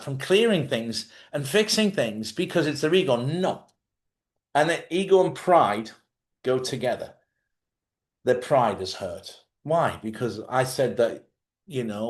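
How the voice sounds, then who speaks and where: A man hosting a live advice talk, speaking bluntly and swearing freely as he urges people to forgive and let go. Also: a little high. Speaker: host. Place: lives in Spain.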